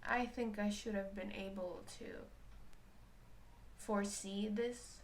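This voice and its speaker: A woman's voice: medium pitch, fairly even intonation, slow pace, a little hiss or hum. A woman talking candidly and emotionally about her own feelings, questioning herself as she goes. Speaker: spiritual reader. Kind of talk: personal reflective talk.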